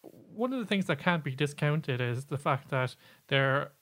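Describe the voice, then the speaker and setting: A man's voice: a little high, lively intonation, unhurried, fairly bright tone. A man co-hosting a podcast, explaining at length in casual chat, with many fillers and restarts. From Ireland. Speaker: podcast co-host.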